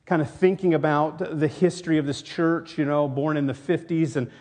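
A man's voice: fairly high pitch, steady tone, normal speed, darkish tone. A man raised in Tennessee, preaching a sermon as pastor, earnest and rambling with many restarts. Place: church.

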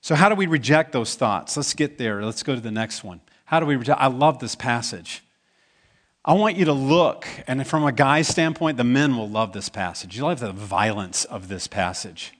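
A man's voice: medium pitch, normal speed. A man preaching a sermon as pastor, talking in a conversational way and asking the congregation questions. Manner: acts out quoted voices in the stories.

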